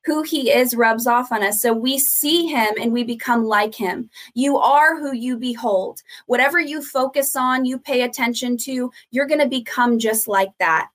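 A woman guest teaches on a podcast in a slightly raised voice. She lays out her points in a steady, earnest way and circles back to stress them. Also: fairly high pitch, moderate pace, few pauses. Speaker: ministry founder, guest.

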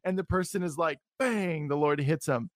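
A man hosting a faith interview show, talking in a relaxed, rambling and self-deprecating way. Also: a little high, moderate pace, no room sound. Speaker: podcast host. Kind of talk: casual interview chat.

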